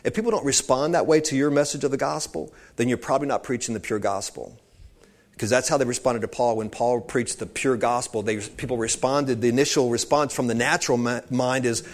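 A man's voice: medium pitch, fairly even intonation, brisk. Conversational male preacher. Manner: conversational, digressive, addresses listeners as saints. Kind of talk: informal sermon.

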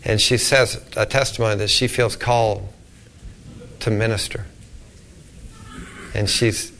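Pastor telling a story, hushed asides. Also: male voice, medium pitch, a little hiss or hum. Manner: animated storyteller, drops to a hushed voice for quoted lines. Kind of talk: sermon storytelling.

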